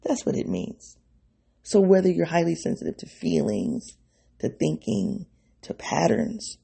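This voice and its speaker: A man's voice: a little high, lively intonation, moderate pace, creaky, warm tone, slightly rough. A man hosting his own podcast, thinking aloud in a rambling, self-interrupting way and speaking straight to his listeners. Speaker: podcast host. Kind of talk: reflective solo podcast monologue.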